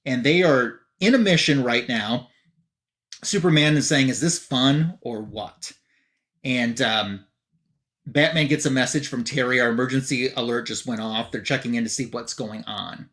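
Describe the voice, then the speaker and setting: A man's voice: mid-range voice, moderate pace. A man hosting a live comic book show, casually retelling a comic's story and loosely reading out the characters' lines, with fillers like "um" and "you know". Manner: relaxed, loosely reads out character dialogue with fillers. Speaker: comic book podcast host. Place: live stream.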